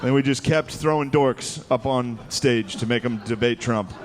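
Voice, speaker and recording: A male stand-up comedian performs in a large live venue, his voice in a middle register. His delivery is loose and chatty and full of casual filler. Audience noise comes through clearly behind him. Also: mid-range voice, normal speed. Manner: loose, conversational storytelling with frequent "dude" and "like". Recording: live stage recording with clear crowd noise. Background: audience laughter and room ambience.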